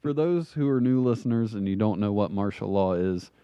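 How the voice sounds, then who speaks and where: A man hosting a podcast, talking in a relaxed, easygoing casual chat. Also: lowish voice, brisk, clean tone, no echo. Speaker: podcast host.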